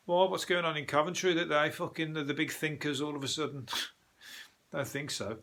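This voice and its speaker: Sweary Brummie comedian with a bright voice. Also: male voice, on the high side, fairly even intonation, normal speed. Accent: Birmingham. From Birmingham, England. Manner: blunt, rambling, heavy swearing. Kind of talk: sweary comic news review.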